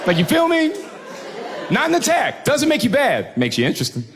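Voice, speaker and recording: A man performing a stand-up comedy routine on a club stage, animated and crowd-baiting, swearing freely and acting out other people. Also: extremely high pitch, brisk, long reverb tail, heavy background noise.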